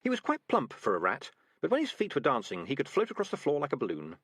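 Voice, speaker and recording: A man reading a comic fantasy novel aloud as narrator, with lively storytelling. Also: mid-range voice, quick pace, husky, no echo, studio quality. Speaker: audiobook narrator. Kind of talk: scripted narration.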